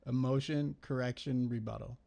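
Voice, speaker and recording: A man's voice: mid-range voice, fairly even intonation, normal speed, gravelly, warm tone. A young man talking through his trades in a casual, rambling recap, swearing often and criticizing himself as he thinks aloud.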